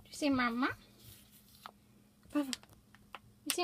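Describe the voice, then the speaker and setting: A woman filming at home on a handheld camera, coaxing her cat in a high sing-song pet voice. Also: lively intonation, slow, long pauses, slight background noise. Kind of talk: home video, talking to a pet.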